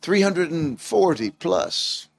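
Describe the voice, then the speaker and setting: A man's voice: on the high side, very animated, slow pace, gravelly, dry recording. A man preaching a sermon in an earnest, emphatic way, asking his listeners rhetorical questions.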